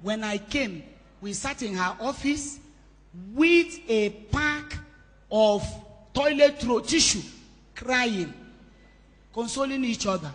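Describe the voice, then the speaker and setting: A woman's voice: a little high, animated, takes it slowly, pauses often. Woman preaching in a big hall. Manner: emphatic storytelling with shifting loudness. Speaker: pastor hosting a women's conference. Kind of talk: sermon testimony. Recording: long hall reverb.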